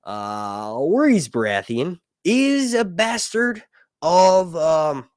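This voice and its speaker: A man from the United States rants through a casual commentary in a loose, opinionated way, dropping fillers and tag questions. His voice sits a bit high and swings widely in pitch. The recording is dry, with no room echo. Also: sing-song, extremely slow. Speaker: YouTube commentator.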